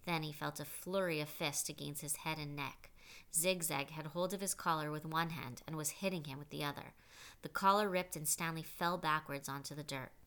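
Low, bright-toned woman narrator. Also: fairly even intonation, normal speed. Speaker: audiobook narrator. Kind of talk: scripted audiobook narration.

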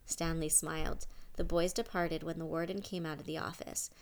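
A woman reading a story aloud in a steady storytelling manner. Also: sits low, normal speed. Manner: steady storytelling, voices each character. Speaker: audiobook narrator. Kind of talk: scripted narration.

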